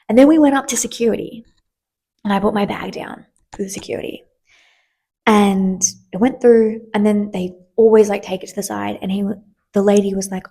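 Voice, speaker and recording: Husky young woman telling stories. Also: medium pitch, fairly even intonation, brisk, mellow. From Australia. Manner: chatty, filler-heavy, acts out quoted exchanges. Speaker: podcast host. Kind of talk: casual storytelling.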